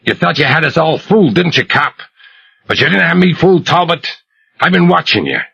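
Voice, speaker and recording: A man's voice: medium pitch, lively intonation, unhurried, gravelly, sharp tone, slightly rough, no room sound, full character voice. A man voicing a jittery, vicious junkie gunman who rants and sneers with venom. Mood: ranting. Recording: muffled lo-fi recording.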